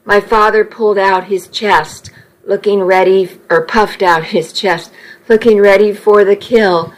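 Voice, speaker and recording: A woman reads a first-person story aloud, taking her time over each sentence. Her voice sits at an ordinary pitch and she pauses to correct small slips as she goes. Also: steady tone, rough recording. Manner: unhurried, occasional slips and self-corrections. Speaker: narrator.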